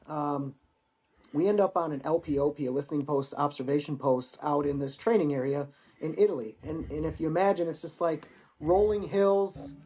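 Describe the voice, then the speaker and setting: Laid-back American man telling war stories. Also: fairly high pitch. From United States. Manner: relaxed, profane, repeats words when starting phrases. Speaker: guest, Marine veteran. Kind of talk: casual storytelling.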